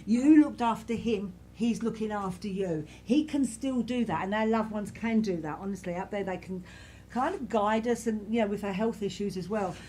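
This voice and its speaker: A woman leading a church service as a medium, addressing people in the congregation with a gentle, reassuring manner. Her voice sits at a middle pitch and she often circles back with soft repeats and fillers. A faint hum of noise lies behind her. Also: moderate pace. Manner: gentle, reassuring, repetitive, many "you know"s. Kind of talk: giving spirit messages to a congregation.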